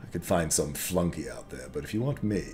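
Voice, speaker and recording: A man voicing a watchful, sly male half-orc who haggles in a wry, quietly suspicious way. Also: rumbling low, lively intonation, brisk, soft background music. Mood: wry, bargaining.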